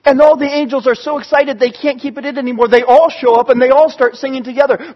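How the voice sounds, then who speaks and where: Excitable high-voiced man telling a sermon story. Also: fast, few pauses, highs cut off. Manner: excitable, animated. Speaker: storyteller preacher.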